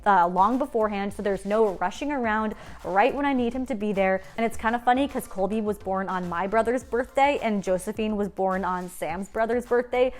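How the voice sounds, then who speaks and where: A young woman, telling her own story to camera in a chatty, animated way and acting out the quoted lines. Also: mid-range voice.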